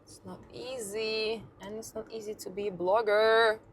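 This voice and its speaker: A woman's voice: mid-range voice, fairly even intonation, moderate pace, slight background noise. A young woman vlogger telling a candid, sweary story to her phone camera while driving her car. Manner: candid, swears freely, laughs at herself. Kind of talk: storytime vlog.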